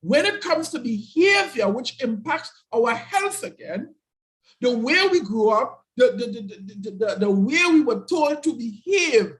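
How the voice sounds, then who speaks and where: A man's voice: very high voice, sing-song, a little slow, fairly bright tone, poor audio. A man giving an emphatic motivational talk over a video call, often repeating his key phrases. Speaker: guest speaker.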